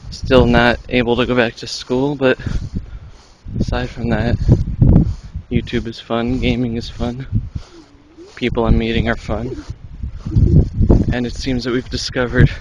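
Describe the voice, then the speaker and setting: A man's voice: medium pitch, flat delivery, a little slow, pauses often, muffled recording, very noisy. A young man vlogging with dry, joking commentary while walking outdoors at an orchard, on a handheld camera mic. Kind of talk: casual outdoor vlog.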